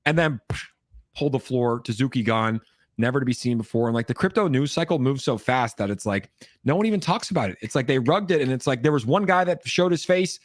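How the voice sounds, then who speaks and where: A man hosts a laid-back live stream, rattling through his thoughts at a quick clip and leaning on filler words. His voice sits in a middle range. The sound is dry and close, with no room around it. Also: medium pitch, no echo. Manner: fast, animated, frequent "like" fillers. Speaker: livestream host. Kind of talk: casual chat. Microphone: streaming mic with voice effects board.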